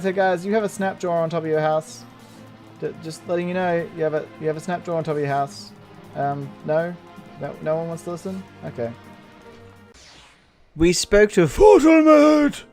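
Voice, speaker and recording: A man giving casual, rambling gameplay commentary, excitable and laughing often as he plays. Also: mid-range voice. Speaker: gameplay video host.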